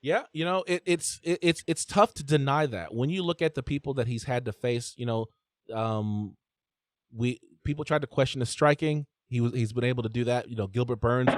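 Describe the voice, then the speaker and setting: A man hosting a live sports call-in show, talking in an energetic, chatty way with many fillers and restarts. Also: medium pitch, moderate pace, no echo, clean studio sound. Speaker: host.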